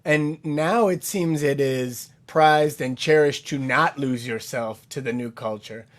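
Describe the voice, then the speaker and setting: A man's voice: medium pitch, unhurried. Thoughtful co-host man. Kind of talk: casual chat.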